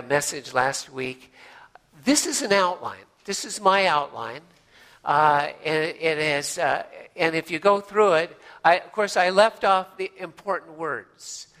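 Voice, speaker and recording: A male pastor preaches in a folksy, conversational way, full of fillers and restarts. His voice sits high and rings bright and forceful. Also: big-room sound. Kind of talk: sermon.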